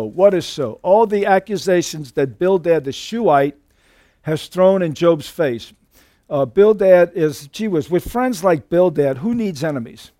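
A man preaching a sermon as a pastor, animated with folksy asides and frequent restarts. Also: high voice, unhurried, dry recording, clean studio sound.

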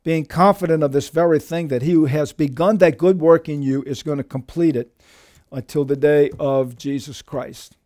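A pastor delivers a sermon at a moderate pace, preaching emphatically with lively shifts in pitch and volume. He is animated throughout and often addresses his listeners as "dear friends."

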